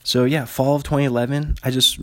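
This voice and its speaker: A man's voice: medium pitch, little pitch movement, fairly quick, dry recording, studio quality. A man in his thirties from Washington State, hosting a solo podcast and telling rambling, digressive stories with frequent chuckles. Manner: digressive, chuckling, casual storyteller. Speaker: podcast host.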